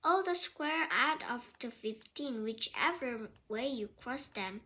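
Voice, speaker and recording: A woman's voice: on the high side, expressive, slow, pushed and bright, heavily acted. A woman voicing Chip, an eager young boy, in a children's storybook reading.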